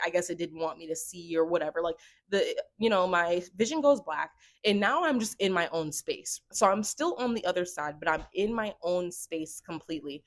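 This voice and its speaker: Woman, young adult, vlogger, excitable, rambling, casual storytelling. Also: medium pitch. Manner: excitable, rambling, full of "like" fillers.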